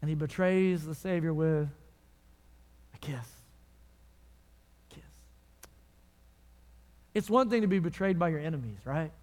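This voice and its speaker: A man preaching a sermon in a church, telling the story dramatically and dropping from loud to hushed. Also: on the high side, measured pace, long pauses. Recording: long reverb of a large hall.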